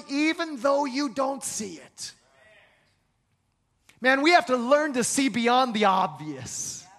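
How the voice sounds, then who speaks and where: A man's voice: very high-pitched, a bit bright. A man preaching a sermon with a dramatic, emphatic delivery, acting out conversations and building to repeated phrases. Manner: dramatic, acts out dialogue, builds to emphatic repetition. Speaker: pastor. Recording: hall reverb.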